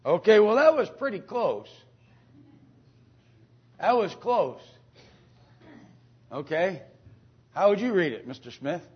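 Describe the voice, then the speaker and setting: A man teaching an informal Bible lesson to a class, speaking haltingly with many fillers, restarts and throat-clearing, and often asking the class questions. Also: high voice, very animated. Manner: asks the class questions and calls on students. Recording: dull lo-fi recording.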